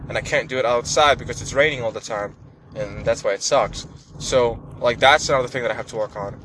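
Earnest rambling man, faint vehicle hum. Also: mid-range voice. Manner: earnest, rambling, many restarts and repeated words. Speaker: vlogger. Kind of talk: casual personal vlog monologue.

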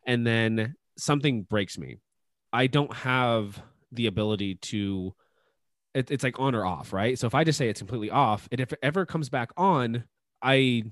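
A man's voice: medium pitch, no room sound. A man chatting casually on a podcast, rambling a little with lots of fillers and restarts. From Austin, Texas. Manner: relaxed, rambling, many fillers. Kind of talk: casual chat.

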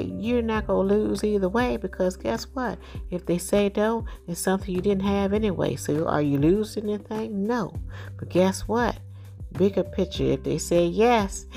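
A woman's voice: lowish voice, creaky. A middle-aged woman giving folksy advice in a casual vlog, sprinkling her talk with "you know" and "right?". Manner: animated when acting out quoted dialogue. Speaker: parent sharing life advice.

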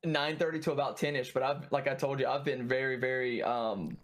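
A man's voice: medium pitch, fairly even intonation, fairly quick. A man, a streamer chatting casually, rambling with lots of fillers and laughing often. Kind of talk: casual chat.

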